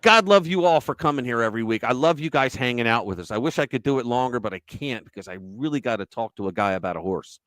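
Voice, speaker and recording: A man's voice: medium pitch, expressive, fast, few pauses, fairly bright tone, no room sound. A man hosting a livestream, telling rambling stories in casual chat and swearing freely. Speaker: livestream host.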